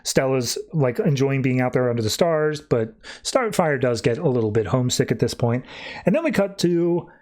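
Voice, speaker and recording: A man's voice: mid-range voice, expressive, normal speed, a little mellow. Male podcast host, mid-range voice, loose chatty recap of a story with lots of "like" fillers. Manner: chatty retelling, often says "like". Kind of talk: casual comic book recap.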